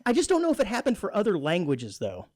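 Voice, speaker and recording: A man hosts a radio talk show, his pitch swinging all over as he jokes and chatters. The sound is dry and close, straight into a studio mic. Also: fast, no echo. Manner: jokey, laughs often, animated and chatty. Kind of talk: casual radio banter.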